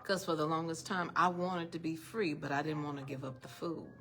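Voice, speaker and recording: Gravelly-voiced woman giving an emphatic talk. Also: low voice, brisk, faint music behind. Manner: emphatic, animated, with rhetorical questions; calls listeners "honey". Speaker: speaker addressing a live and online audience. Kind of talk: motivational faith-based talk. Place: event room with an audience.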